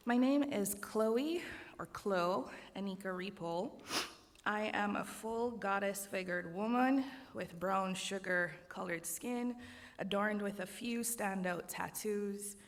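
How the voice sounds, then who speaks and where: Slow, reflective Jamaican woman in a hall. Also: medium pitch. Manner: measured, reflective, with light asides. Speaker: worship leader. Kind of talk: sermon opening. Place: church sanctuary. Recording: long reverb of a large hall.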